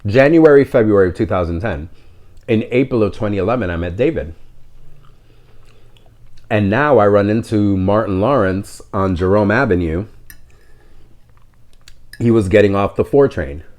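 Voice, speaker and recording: A middle-aged man from New tells a personal story in a relaxed monologue. His voice sits on the low side comes through as he rambles candidly with fillers. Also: normal speed, long pauses. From New York City. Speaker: podcast host.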